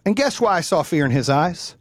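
A man's voice: on the high side, lively intonation, brisk, no room sound, clean studio sound. A man telling a heated personal story in casual chat, blunt and profane.

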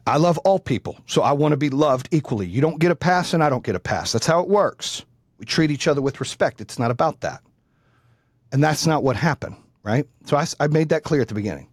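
A man's voice: on the high side, lively intonation, fairly quick, husky, no echo, studio quality. A man telling a heated personal story in casual chat, blunt and profane.

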